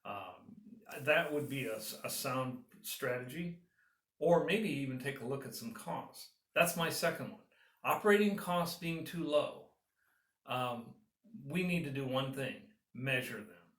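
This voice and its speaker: A man's voice: mid-range voice, animated, unhurried, a bit bright. Consultant guy talking through steps, earnest and upbeat, sounds a bit far off in an echoey room. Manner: earnest, encouraging, lists steps. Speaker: business consultant. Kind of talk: advice talk to camera.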